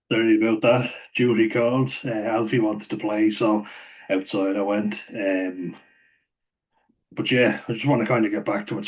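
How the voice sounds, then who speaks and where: Flat, low-voiced man rambling. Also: rough recording. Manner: swears freely, laughs often mid-sentence. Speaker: vlogger. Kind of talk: casual rambling storytelling.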